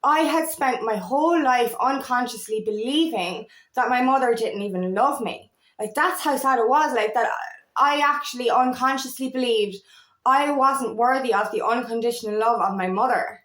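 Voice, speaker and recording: A woman in her thirties speaks candidly as a feminine empowerment coach, her talk rambling and full of fillers and restarts. Her voice sits fairly high. The room around her gives the sound a noticeable echo. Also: normal speed, a bit bright. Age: 30s. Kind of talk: personal monologue to camera.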